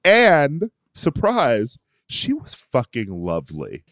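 A man's voice: mid-range voice, huge pitch swings, slow, fairly bright tone, no room sound, studio quality. A man co-hosting a casual pop culture podcast, playful and gossipy, often laughing. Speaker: podcast co-host.

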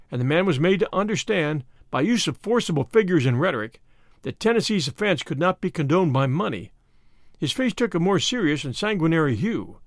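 Male audiobook narrator, expressive, lively intonation, fairly high voice. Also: no echo, studio quality. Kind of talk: scripted story narration.

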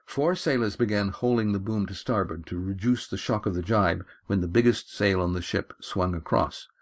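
A man reading his own adventure novel aloud in a measured, steady storytelling manner. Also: lowish voice. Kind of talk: audiobook narration.

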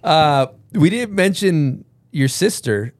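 A man's voice: fairly high pitch, expressive, slow pace, dry recording. Male host, casual, offhand, dry close sound. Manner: laid-back, offhand, swears casually. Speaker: podcast host. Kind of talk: casual chat.

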